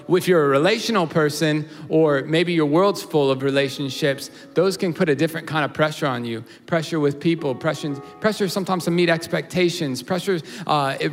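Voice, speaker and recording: A man's voice: a little high, a bit bright, long reverb tail. A man in his thirties preaching a sermon in a conversational, storytelling way, often checking in with "all right?" and "you know". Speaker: pastor.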